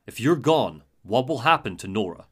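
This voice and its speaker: A man voicing a grim male vigilante in a low, clipped, menacing tone. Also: big pitch swings, normal speed, slightly rough.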